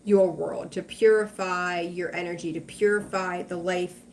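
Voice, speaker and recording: A woman's voice: on the low side, little pitch movement, unhurried, darkish tone, slight background noise. A woman hosting a tarot livestream, chatting casually with viewers, reassuring them and greeting them by name.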